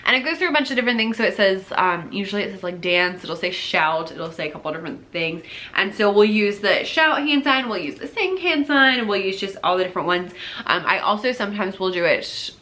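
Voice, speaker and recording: A woman's voice: medium pitch, lively intonation, fairly quick, sharp tone. A young woman, an elementary music teacher, casually talking through her lessons, acting out classroom exchanges and sometimes whispering or singing bits. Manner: acts out classroom dialogue, drops to whispers, sings snippets.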